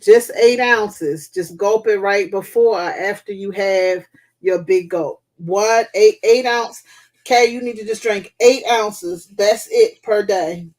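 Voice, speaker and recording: A woman's voice: mid-range voice, takes it slowly, a little mellow. A woman hosting a casual live chat, giving blunt, profane, motherly advice. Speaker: host.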